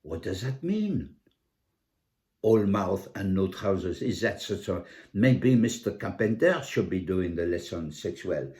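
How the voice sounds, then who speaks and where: A man voicing an excitable middle-aged Frenchwoman who talks with a heavy French accent and broken English word order, animated and indignant, slipping French fillers in. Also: low voice, measured pace. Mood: bemused.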